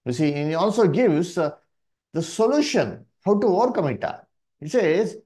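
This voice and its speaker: A man with an Indian English accent teaching a Bible study in a sermon style, speaking haltingly with many fillers and calling the listeners "dear brethren". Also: sits high, expressive, warm tone. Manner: slow, halting delivery with many "uh" and "you see" fillers.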